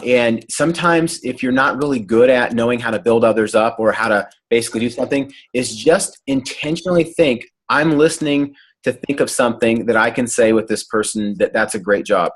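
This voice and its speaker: A man leading a group coaching call, talking in an earnest, encouraging way over a video call. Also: medium pitch. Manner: earnest, animated when imitating excitement. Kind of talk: motivational coaching talk.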